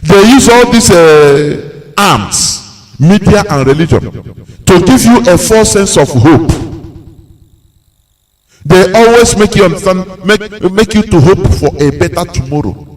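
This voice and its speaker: A man's voice: sits high, expressive, unhurried, low-quality recording. A man with a Nigerian English accent giving a live radio talk, lecturing and acting out the voices of the people he quotes. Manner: preachy, acts out quoted voices, laughs often. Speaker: radio presenter.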